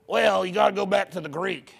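Preacher doing a sneering impression of an affected rival, slow and drawn-out, fake accent, high-pitched. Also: male voice, vocal fry, husky, exaggerated voice. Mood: mocking.

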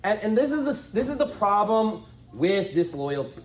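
High-pitched emphatic male preacher. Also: sing-song, normal speed, slightly rough. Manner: emphatic, rhetorical, sarcastic preaching with repetition. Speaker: pastor. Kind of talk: sermon.

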